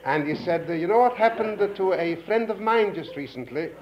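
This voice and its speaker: Animated older man telling a story. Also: moderate pace, highs cut off, crowd noise. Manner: animated storyteller, voicing characters with rising pitch. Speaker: lecturer. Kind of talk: storytelling lecture. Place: lecture hall. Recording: old 1950s lecture recording with faint hiss.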